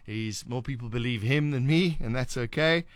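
A man's voice: medium pitch, moderate pace, no room sound. A man with a South African accent hosting a late-night radio talk show, chatting wryly and sarcastically with many restarts. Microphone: studio microphone.

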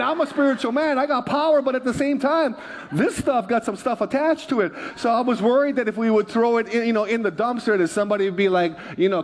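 High-voiced man preaching a sermon. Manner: animated storytelling, self-interrupting asides. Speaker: pastor.

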